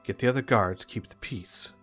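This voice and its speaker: A man's voice: on the low side, moderate pace, a bit bright, husky, faint music behind. A man voicing a weary town guard who gives blunt, tired orders. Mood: curt.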